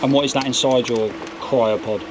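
A man's voice: medium pitch, steady tone, moderate pace, background noise, close to an everyday voice. An actor playing a curt male squad leader in an audio drama, giving short commands. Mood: clipped. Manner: clipped, commanding.

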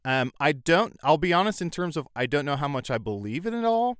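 A man talks as a guest in a casual chat, animated and quick to poke fun at himself. His voice is smooth and resonant. The sound is dry and close. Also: a little high, no room sound. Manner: animated, self-deprecating storyteller. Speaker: podcast guest.

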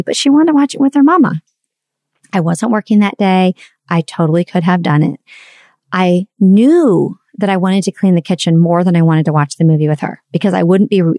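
A woman's voice: fairly low pitch, a little fast, mellow, no echo, studio quality. A woman in her forties sharing a candid, confessional personal story and reflecting on parenting.

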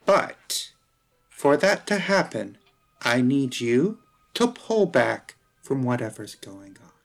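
A man speaking as his character in a tabletop game, slow and coldly confronting. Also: medium pitch, sing-song, creaky, faint music behind.

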